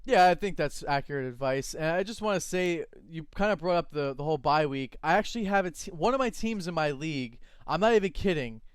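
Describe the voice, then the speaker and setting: A man co-hosting a fantasy football show with animated, opinionated chatter. His voice is smooth and clear and sits slightly high. The sound is dry and close. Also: brisk, hardly any pauses, no room sound. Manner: animated, laughs easily, opinionated. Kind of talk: casual sports chat.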